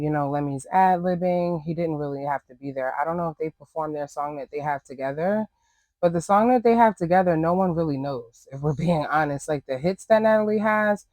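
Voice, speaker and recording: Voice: medium pitch, darkish tone, dry recording. A host giving casual, sassy reaction commentary on a reality show, blunt and full of rambling asides.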